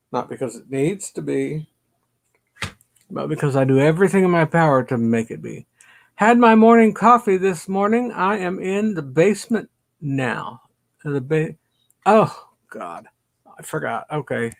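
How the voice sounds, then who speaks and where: A man's voice: a little high, a little slow, gravelly, long pauses. A middle-aged man hosting his own channel from a home basement, chatting casually to the camera in a rambling, self-deprecating way and muttering to himself. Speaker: YouTube channel host.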